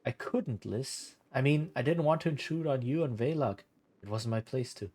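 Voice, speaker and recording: A man voicing a gentle male gnome adventurer in a game, speaking quietly and tenderly. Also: mid-range voice, moderate pace, lightly acted.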